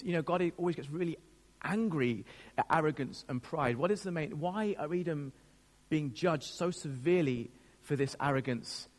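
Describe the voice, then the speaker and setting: A man's voice: on the high side, long reverb tail. A man preaching a sermon as a pastor, speaking in an earnest, emotional way with frequent restarts.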